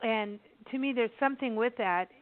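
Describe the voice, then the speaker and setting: A woman's voice: fairly high pitch, normal speed, no room sound. A woman radio host in a conversational interview, enthusiastic and rambling, often restarting her sentences. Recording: tinny phone-line sound.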